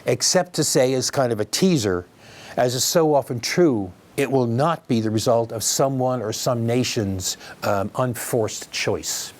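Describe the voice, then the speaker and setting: A man's voice: medium pitch, a little slow. Opinionated male news commentator. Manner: opinionated, wry, addresses listeners directly. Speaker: commentary host.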